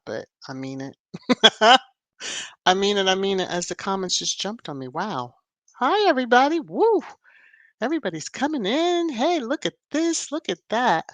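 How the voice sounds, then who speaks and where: A woman hosts a casual livestream, chatting with viewers, greeting them by name, and laughing often. Her voice is medium-pitched, with no echo.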